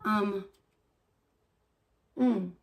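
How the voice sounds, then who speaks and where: A woman from Chicago with a Chicago accent softened by years on the West Coast, streaming live in a casual, rambling chat and often breaking off mid-sentence. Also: medium pitch, extremely slow, vocal fry. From Chicago, USA. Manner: reacts aloud to small mishaps. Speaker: livestreamer.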